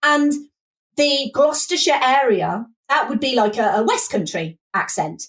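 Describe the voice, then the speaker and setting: Lively high-voiced English woman. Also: measured pace. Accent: English Midlands. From England. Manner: animated, laughing, quotes lines in character voices. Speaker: podcast guest. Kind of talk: casual chat.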